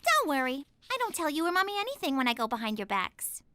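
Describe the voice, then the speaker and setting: An actress playing a spoiled, melodramatic teenage daughter who whines and wheedles. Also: female voice, high-pitched, big pitch swings, fast, pushed and bright, no echo, exaggerated voice. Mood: whiny. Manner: whiny and melodramatic, swinging from hate to love. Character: spoiled bratty teenage daughter, dramatic and whiny.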